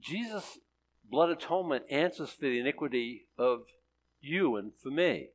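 A man's voice: medium pitch, a bit bright. A male pastor preaching conversationally. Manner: conversational and sarcastic, with jokes and laughs. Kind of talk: sermon.

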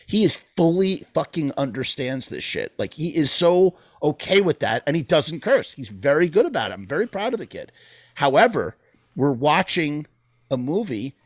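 A man in his thirties holds forth on a casual podcast with a slightly raised pitch, piling up asides and swearing as he makes his point. He sounds close to the mic in a dry, dead space. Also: big pitch swings, brisk, dry recording. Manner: rambling, emphatic storyteller, frequent swearing. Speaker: podcast co-host.

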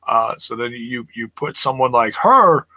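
A man's voice: medium pitch, expressive, a little slow, bright, forceful tone, no echo. A man casually recapping wrestling matches and reading live chat aloud, rambling and laughing often. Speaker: wrestling review host.

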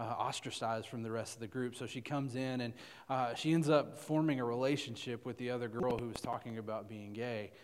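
Youth pastor guy rambling through a story, lots of uh and right, big hall echo. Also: mid-range voice. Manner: loose and chatty, many "uh"s and "right?" tags. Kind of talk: conversational sermon storytelling.

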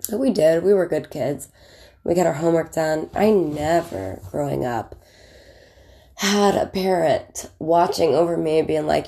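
Woman, 30s, vocal fry, deep voice; relaxed, candid storyteller full of fillers. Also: moderate pace. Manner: chatty and candid, with frequent fillers and laughs. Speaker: vlogger. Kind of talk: casual storytelling, recalling childhood.

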